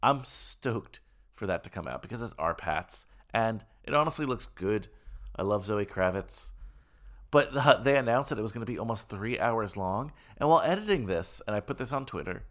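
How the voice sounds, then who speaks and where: A man with a lowish, fairly bright voice co-hosts a podcast, chatting casually and joking around playfully.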